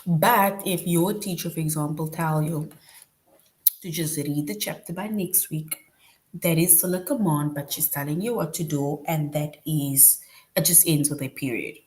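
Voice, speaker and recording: A woman with a slightly low voice walks young students through a grammar lesson. She explains patiently and keeps checking in with a quick "right?". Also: darkish tone. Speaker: teacher.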